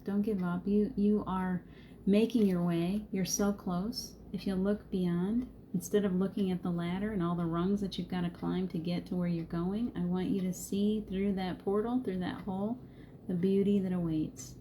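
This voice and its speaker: A middle-aged woman hosts a live spiritual card reading, soothing and reassuring her viewers, laughing easily and greeting them by name. Her fairly low, dark voice holds a steady tone at normal speed, with slight background noise behind her.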